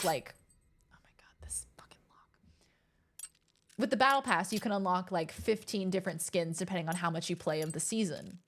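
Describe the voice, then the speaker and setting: A woman's voice: lowish voice, slight background noise. Chatty young woman streamer. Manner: chatty, reading chat aloud, easily rattled and excitable. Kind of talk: casual chat with stream chat while gaming.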